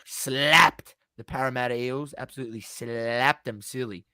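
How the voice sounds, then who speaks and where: A man's voice: medium pitch, fairly even intonation, unhurried, bright, forceful tone, clean tone, no echo, studio quality. A man with an Australian accent co-hosting a podcast in casual sports chat, blunt and swearing freely, repeating himself for emphasis. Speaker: podcast co-host.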